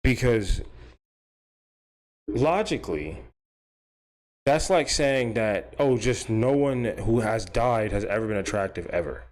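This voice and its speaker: A man's voice: mid-range voice, a little mellow. A man hosting a stream, rambling through a casual comedic rant, swearing freely and laughing at his own jokes. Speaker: stream host.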